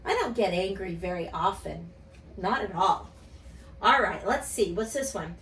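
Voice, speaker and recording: A woman speech teacher reading and talking gently to young children in an online lesson. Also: medium pitch, expressive, slight background noise. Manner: gentle, slow, sing-song storytelling to kids. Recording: echoey room, voice a bit far from mic.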